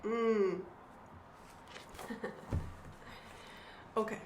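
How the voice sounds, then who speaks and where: A woman in her thirties, the host and author of the book, talks casually and reads passages from her own work in an earnest, emotional way, full of fillers and restarts. Her medium-pitched voice stays steady and moves extremely slowly. The recording has a roomy echo and faint background noise.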